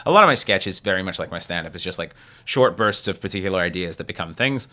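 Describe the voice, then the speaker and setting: A man's voice: sits low, lively intonation, quick pace, bright, forceful tone. A man hosting a comedy podcast in a studio, talking animatedly and laughing often. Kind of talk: casual podcast chat.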